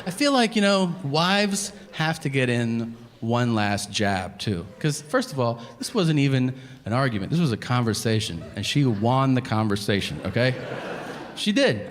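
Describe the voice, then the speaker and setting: A man in his thirties doing a stand-up comedy set, telling stories deadpan and acting out the other voices. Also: medium pitch, moderate pace. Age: 30s. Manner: deadpan storytelling with acted-out voices. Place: comedy club stage. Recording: live stage recording with audience noise.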